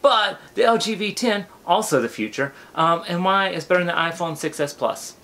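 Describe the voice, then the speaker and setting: Young male vlogger, goofy and rambling, a little high, very lively pitch; casual to-camera delivery. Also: normal speed. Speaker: YouTuber. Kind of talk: casual vlog chat to camera.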